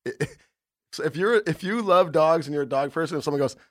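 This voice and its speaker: A man's voice: a little high, brisk, fairly bright tone, no room sound, clean studio sound. A man co-hosting a podcast, chatting loosely with lots of swearing and reading sponsor plugs. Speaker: podcast co-host. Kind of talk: casual podcast chat.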